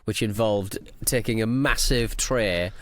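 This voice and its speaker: A man's voice: fairly low pitch, a little slow, very noisy. A man from England, co-hosting a podcast in casual chat, hesitant and self-deprecating, full of fillers and restarts. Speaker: podcast co-host.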